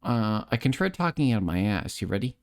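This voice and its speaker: On a close desk microphone, a tipsy streamer and voice actor chats casually, rambling and self-deprecating. His voice is on the low side, sing-song and fairly quick, with vocal fry and a clear, resonant yet nasal tone, plus a slight lisp.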